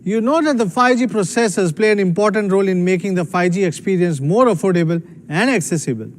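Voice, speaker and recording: Proud executive, high voice. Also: male voice, fast. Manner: proud, emphatic delivery. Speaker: company executive. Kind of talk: scripted keynote speech.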